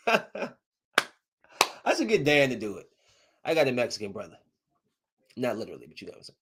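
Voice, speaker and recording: In a loose solo podcast, a man talks and swears freely, his pitch leaping around. He trash-talks and reads news items aloud between his own comments, in a mid-range voice. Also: fairly quick, pauses often. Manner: animated, profane trash-talk. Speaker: podcast host. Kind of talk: casual solo podcast chat.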